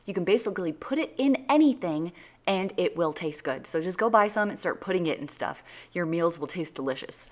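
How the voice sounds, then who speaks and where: A woman's voice: lowish voice, expressive, brisk. A mom hosting a casual cooking vlog from her home kitchen, chatty and jokey as she walks through family dinners.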